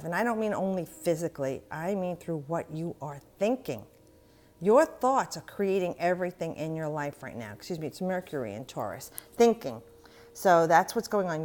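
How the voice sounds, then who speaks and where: A middle-aged woman giving a tarot reading, talking straight to the viewer in an encouraging way. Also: mid-range voice. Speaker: tarot reader.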